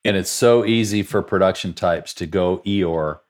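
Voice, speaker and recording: A man's voice: low-pitched, moderate pace. A man hosting a podcast conversation, talking in a reflective, encouraging way.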